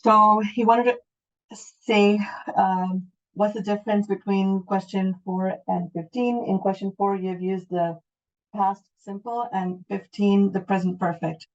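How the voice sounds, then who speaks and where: A woman's voice: medium pitch, steady tone, unhurried, lo-fi sound. A middle-aged woman with a Canadian accent, teaching an online English class, explaining patiently and checking that students follow.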